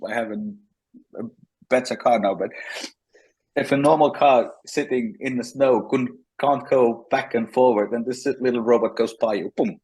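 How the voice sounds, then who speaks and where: A man, a guest in a casual interview, telling animated stories with frequent restarts. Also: medium pitch, normal speed, breathy edge, low-quality recording.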